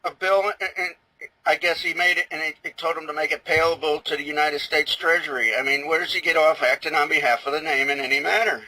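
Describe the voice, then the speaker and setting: A man's voice: fairly high pitch, fairly even intonation, fast, pushed and bright, low-quality recording. A man in casual talk, speaking earnestly and emphatically while giving advice. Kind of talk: casual chat. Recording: dry radio-show recording.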